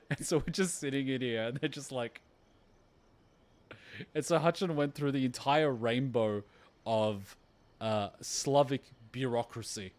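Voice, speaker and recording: A man's voice: medium pitch, a little slow, pauses often, a little mellow. A young man streaming a game reaction, chatting casually, rambling through a long story with swearing and laughter. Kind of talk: casual chat over gameplay.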